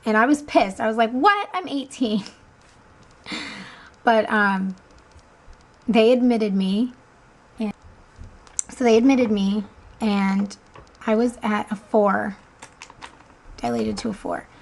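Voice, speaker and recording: A woman's voice: mid-range voice, fairly even intonation, takes it slowly, gravelly, long pauses, poor audio. A woman in her twenties casually telling the story of her son's birth, chatty with frequent ums and easy laughter. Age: 20s.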